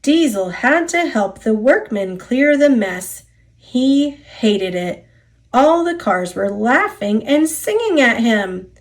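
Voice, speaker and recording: Slow American woman reading aloud. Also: on the high side. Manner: slow, clear, expressive. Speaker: storyteller. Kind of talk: children's read-aloud.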